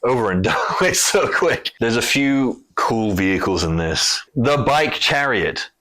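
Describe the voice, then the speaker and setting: A man's voice: lowish voice, a little slow, slight background noise. A man casually chatting about a movie he just saw, swearing freely and retelling scenes with energy. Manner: loose, swearing, animated storytelling. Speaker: film review co-host. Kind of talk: casual chat.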